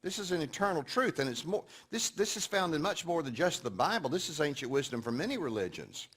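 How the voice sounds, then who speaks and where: A man giving a sermon-style teaching to an audience, telling stories and moving between quiet, hushed passages and loud, emphatic points. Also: on the high side, lively intonation, fairly quick. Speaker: speaker teaching a session.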